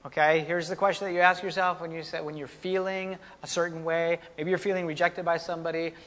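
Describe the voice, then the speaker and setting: A man preaching a conversational, animated sermon as pastor. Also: a little high, a little fast. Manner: conversational, animated, folksy teaching with asides. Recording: long hall reverb.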